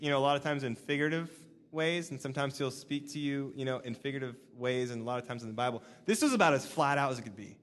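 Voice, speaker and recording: A young man giving a casual, animated sermon, full of fillers and restarts. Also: mid-range voice, in a large hall. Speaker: preacher.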